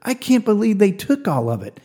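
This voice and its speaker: A man voicing his stern middle-aged father, blunt and indignant, in a slightly higher, mellow, husky voice. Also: very animated, normal speed, heavily acted.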